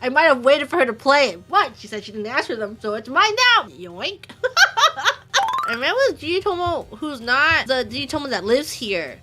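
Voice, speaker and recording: A young woman streamer chatting casually, her voice high and bright. She tells funny stories with lots of giggling and acts out what her friends said.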